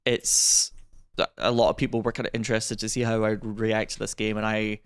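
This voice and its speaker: A man from Scotland with a Scottish accent talks casually on a gaming podcast. His voice is smooth and resonant. He tells stories with energy and slips into quoted voices. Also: lowish voice, moderate pace. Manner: animated, storytelling with quoted asides. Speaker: podcast co-host. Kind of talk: casual chat.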